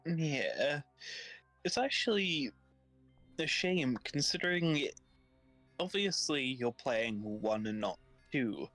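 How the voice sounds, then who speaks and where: A man's voice: a little high, animated, takes it slowly, pauses often, a bit bright, soft background music. A British man co-hosting a casual live stream, joking and bantering playfully. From Britain. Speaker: co-host.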